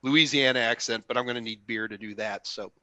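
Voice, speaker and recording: Bright-voiced chatty Texan man. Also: mid-range voice, steady tone, fairly quick, no echo. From Texas. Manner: joking, chatty, lots of fillers. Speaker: host. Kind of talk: live Q&A stream chat.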